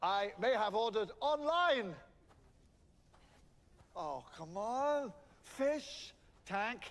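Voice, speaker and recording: An actor with a Scottish accent playing an eccentric, excitable alien time traveller in a TV series. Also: male voice, high-pitched, extremely slow, exaggerated voice. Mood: playful. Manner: animated, theatrical, jumps between wry and excited. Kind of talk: TV series acting. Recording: TV clip with score underneath.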